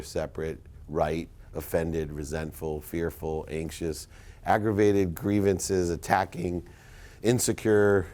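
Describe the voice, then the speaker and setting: Low-voiced emphatic motivational speaker man. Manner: emphatic storytelling, swings between loud punches and quiet asides. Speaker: keynote speaker. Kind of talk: motivational speech to a live audience.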